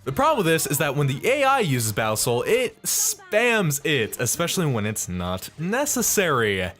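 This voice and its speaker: A man's voice: on the high side, huge pitch swings, normal speed, fairly bright tone. A man giving casual, jokey gameplay commentary in a rambling way, over faint music. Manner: rambling, jokey, many fillers. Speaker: let's play host.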